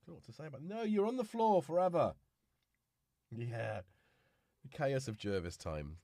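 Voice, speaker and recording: A man hosting a relaxed live stream, chatting casually and talking fondly to his cats. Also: mid-range voice, normal speed, no echo, clean studio sound. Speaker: livestream host.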